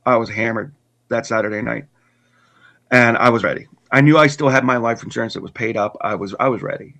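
A man earnestly telling his personal story in conversation, halting with restarts and repeats. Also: medium pitch, fairly bright tone. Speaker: guest telling his testimony.

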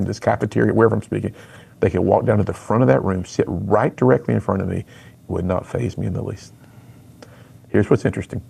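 A man's voice: fairly low pitch, creaky, darkish tone, husky. A middle-aged man, a youth speaker and author, telling his personal story in an interview with earnest storytelling and acted-out dialogue.

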